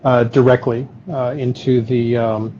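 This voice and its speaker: A man's voice: medium pitch, flat delivery, measured pace, mellow, a little hiss or hum. A man who makes chocolate, chatting on a live video call and explaining his process in detail with many ums and uhs. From Los Angeles area. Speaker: guest chocolate maker. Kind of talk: casual live-stream conversation. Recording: dull lo-fi live-stream audio.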